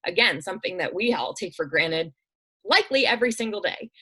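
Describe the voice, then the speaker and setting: A woman's voice: lowish voice, animated, a little fast, pushed and bright, breathy edge, low-quality recording. A woman guest on an interview show, telling heartfelt stories in an earnest, conversational way with frequent "um" and "like". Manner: earnest, acts out quoted voices, many "um" and "like". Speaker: interview guest, nonprofit director. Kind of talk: conversational storytelling.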